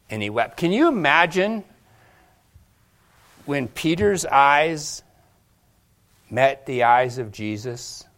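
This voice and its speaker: A man's voice: medium pitch, fairly bright tone. A man preaching a sermon, retelling scripture dramatically and acting out the voices in the quotes.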